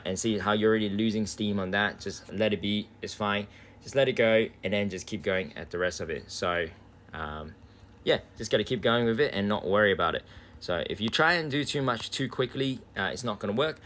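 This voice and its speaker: A man's voice: lowish voice, fairly bright tone, slight background noise. An Australian man chatting casually on a live game stream from home, laid-back and swearing freely. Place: indoors at home.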